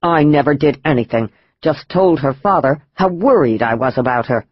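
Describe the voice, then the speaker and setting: A man's voice: a little high, lively intonation, moderate pace, no room sound, dull audio, voice pushed down. A man playing a blustering spiteful husband. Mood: snarling.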